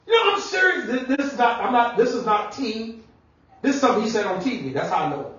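A man preaching a sermon as pastor, animated and conversational, sometimes shouting and laughing. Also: very high-pitched, fast talker. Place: church sanctuary. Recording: echoey church room, mic at distance, dull sound.

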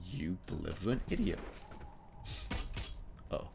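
A man's voice: sits low, normal speed, pauses often, slight background noise. A man streaming a shooter game, yelping and muttering at the screen as he plays. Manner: excitable, yelps and mutters at the game. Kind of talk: live gameplay commentary.

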